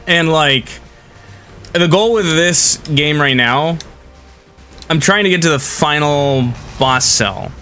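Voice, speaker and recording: A young man with a bright, forceful voice talks casually to his viewers as he plays. He rambles along in a friendly, easygoing way, reacting to the game and to chat. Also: a little high, animated, slow, pauses often, faint music behind. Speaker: game streamer. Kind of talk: casual live-stream chat while gaming.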